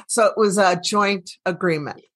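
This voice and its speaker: A woman's voice: mid-range voice, moderate pace. A middle-aged woman hosting a casual interview, chatty and laughing often. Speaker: podcast host, medical doctor.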